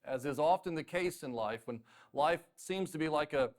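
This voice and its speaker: A man from North Carolina delivers a sermon from the pulpit. His voice sits slightly high for a man, and he tells stories with self-deprecating humor and animated asides. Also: moderate pace. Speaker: pastor.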